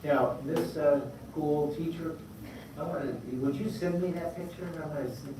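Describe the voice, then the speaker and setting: A man teaching a live drawing lesson to schoolchildren. He encourages them warmly and calls out for responses. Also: a little high, moderate pace. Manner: energetic, encouraging, call-and-response. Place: large school hall. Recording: very echoey hall, distant mic, noise.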